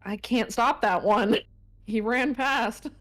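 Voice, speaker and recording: A woman playing a tabletop game, talking casually and planning her moves out loud. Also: a little high, slow. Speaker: player. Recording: faint music behind.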